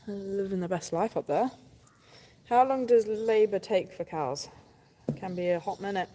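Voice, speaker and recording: A woman's voice: medium pitch, moderate pace, dark tone. Chatty woman in a noisy barn. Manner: chatty, affectionate, apologetic asides to viewers. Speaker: farmer livestreaming a calving watch. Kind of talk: casual livestream chat. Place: livestock barn, indoors. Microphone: phone camera on a tripod. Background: birds and animal sounds.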